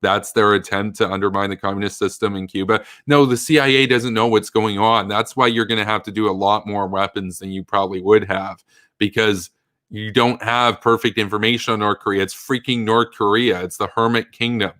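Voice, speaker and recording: A blunt man talking through politics on a livestream, his voice sitting on the low side. He thinks aloud with emphatic restarts. The sound is close and dry. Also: steady tone, fairly quick, a bit bright, no echo. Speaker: political commentator. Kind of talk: livestream commentary reading chat.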